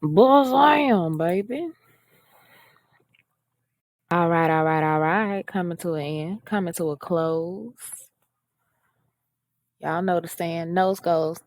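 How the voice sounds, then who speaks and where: A woman's voice: fairly low pitch, steady tone, measured pace, no room sound. A woman hosting a casual coding walkthrough, chatty and self-mocking as she reads the instructions aloud. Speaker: coding tutorial host. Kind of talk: casual screen-share walkthrough.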